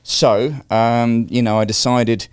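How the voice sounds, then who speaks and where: A man's voice: medium pitch, flat delivery, slow pace, clear, resonant tone, dry recording, clean studio sound. A man in his fifties with a London accent, a guest on an interview podcast telling chatty stories with wry asides. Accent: London English. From London, England. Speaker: guest, real estate broker. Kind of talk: casual interview chat.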